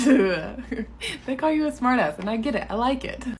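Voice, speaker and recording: Woman playing a new salon assistant, hushed, gossiping, higher voice. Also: expressive, fairly quick, a little hiss or hum, close to an everyday voice. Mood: curious. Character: new female salon assistant, nervous and curious.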